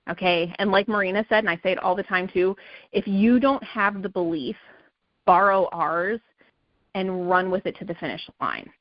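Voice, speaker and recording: On a sales team call, a woman of medium pitch gives an emphatic, motivating talk that circles back to "okay" and "right" over and over. The sound is lo-fi with no echo.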